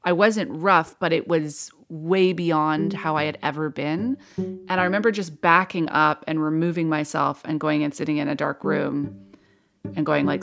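A woman's voice: low-pitched, fairly even intonation, normal speed, vocal fry, music in the background. A woman, an interview guest, recounting a personal experience in a candid, reflective and wry way.

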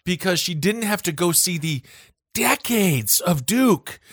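Bright, lively high-voiced man joking. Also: unhurried, breathy edge, no room sound, studio quality. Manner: lively, crude jokes and exaggerated reactions. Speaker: podcast co-host. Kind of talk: casual comedic chat.

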